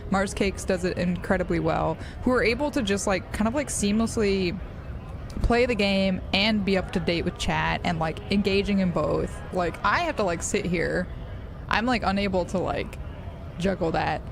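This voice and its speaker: Chatting casually while gaming on a live stream, an American woman speaks with a medium-pitched, gravelly voice at a moderate pace. Her talk wanders, peppered with fillers and giggles, over some background noise.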